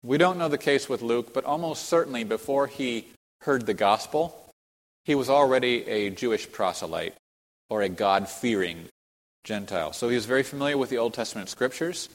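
A man's voice: medium pitch, expressive, moderate pace. A man teaching a Bible lesson as a sermon, explaining the passage step by step, reading quotes aloud and pointing to a map. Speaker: preacher teaching a Bible study. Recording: long hall reverb.

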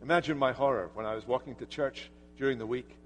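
A man's voice: medium pitch, fast, a little hiss or hum. A man preaching an earnest, emphatic sermon as pastor in a church sanctuary. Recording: church hall reverb.

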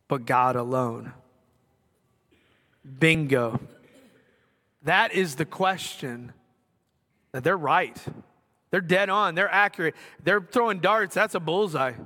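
A man's voice: high-pitched, sharp tone. A middle-aged man preaching a sermon in a school gymnasium, talking in a conversational way with self-deprecating asides. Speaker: pastor. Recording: long reverb of a gymnasium.

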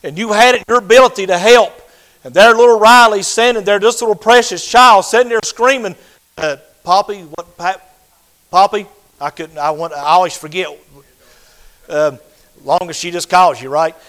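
An older man preaching a sermon, swinging between loud fervent passages and hushed, quiet ones. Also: sits high, normal speed, low-quality recording.

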